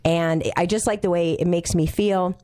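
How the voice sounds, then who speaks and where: Woman co-host, low voice, relaxed casual chat, dry close sound. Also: normal speed, no room sound.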